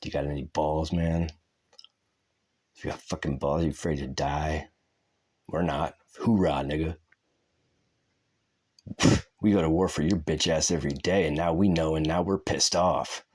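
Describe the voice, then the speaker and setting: A man's voice: very deep voice, fairly even intonation, moderate pace, pauses often, a little mellow, husky. A man channeling a taunting spirit. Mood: menacing. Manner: confrontational, taunting, swearing. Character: aggressive male channeled spirit, menacing and profane. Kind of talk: channeling session.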